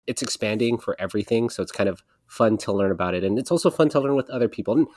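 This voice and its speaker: A man's voice: on the low side, expressive, fast, a little mellow, dry recording, studio quality. A man hosting a casual podcast interview, talking frankly and laughing often. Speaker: podcast host.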